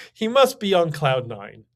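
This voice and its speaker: A man hosting a livestream, giving casual, opinionated commentary with many fillers, restarts and sardonic asides. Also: on the high side. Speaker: podcast host.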